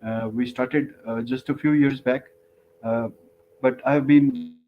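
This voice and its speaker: A man's voice: medium pitch, steady tone, slow. A man from Pakistan giving a remote talk over a video call, speaking hesitantly with many fillers. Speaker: guest speaker. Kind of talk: remote presentation. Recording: tinny call audio, faint noise.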